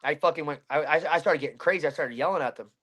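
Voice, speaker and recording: A man's voice: a little high, racing, fairly bright tone. A man in his thirties from Pennsylvania, a fighter telling a story in an interview, blunt and heavy with swearing.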